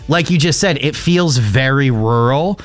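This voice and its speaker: A man hosting a radio show, chatting casually in an animated, self-mocking way. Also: mid-range voice, measured pace. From Connecticut. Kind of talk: casual chat.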